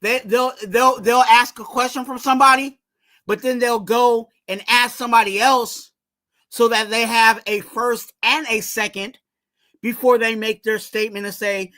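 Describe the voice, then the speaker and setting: Bright-voiced man rambling through sports talk. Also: very high-pitched, steady tone, normal speed. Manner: rambling, restarts, asks viewers to subscribe. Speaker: fan channel host. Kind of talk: casual sports commentary vlog.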